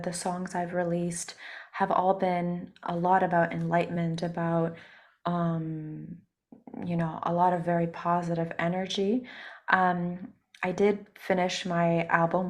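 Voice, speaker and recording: A woman singer with a hoarse voice from a cold, speaking softly with many pauses in a casual interview. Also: on the low side. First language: Russian. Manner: soft-spoken, many ums and pauses. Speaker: singer and musician, interview guest.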